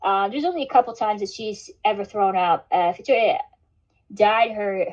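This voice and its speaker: Speaking at a moderate pace in a mid-range, slightly mellow voice, a livestream host rambles and swears, dropping "like" and "dude" into nearly every sentence. The stream audio is dull and lo-fi.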